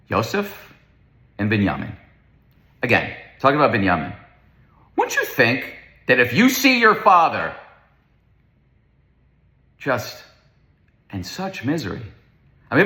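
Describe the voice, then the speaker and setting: A man's voice: medium pitch, pushed and bright. A man teaching a Torah lecture, speaking emphatically, asking rhetorical questions and repeating words for stress. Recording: roomy echo.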